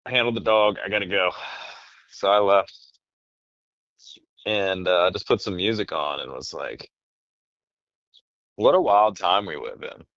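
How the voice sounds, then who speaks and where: A man in casual podcast chat, telling rambling, animated stories and swearing often. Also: lowish voice, dry recording, lo-fi sound.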